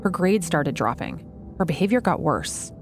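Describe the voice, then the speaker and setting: A woman narrates a documentary in a lowish voice, measured and informative. Clear background music runs under her scripted lines. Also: big pitch swings.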